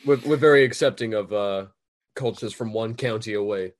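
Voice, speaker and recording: A man's voice: fairly low pitch, normal speed. A man chatting casually, with sardonic jokes and frequent stumbles and repeated words. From Britain. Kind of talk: casual chat.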